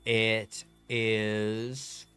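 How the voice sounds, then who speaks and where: A man's voice: fairly low pitch, flat delivery, extremely slow, sharp tone, clean tone, faint music behind. A man streaming a game, chatting in a laid-back, slangy way as he plays. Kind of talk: casual gameplay commentary.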